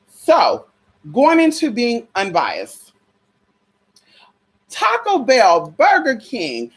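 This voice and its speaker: Young woman ranting on her channel, husky voice that swings all over, cussing and calling everyone girl. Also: lowish voice. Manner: sassy, profane, calls listeners honey and girl. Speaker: spiritual vlogger. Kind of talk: casual opinion rant.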